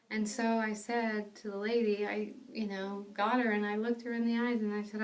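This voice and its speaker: A woman telling a personal faith testimony, in an earnest, animated storytelling manner. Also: medium pitch, normal speed, hardly any pauses, far from the mic. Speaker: ministry speaker.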